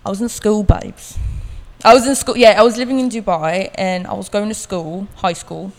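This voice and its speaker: A woman's voice: medium pitch, fairly even intonation, normal speed, a little mellow, close to an everyday voice. A woman putting on a breezy Cockney accent. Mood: playful. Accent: British Cockney, put on. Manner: breezy, calls people babes. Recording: long reverb of a large room.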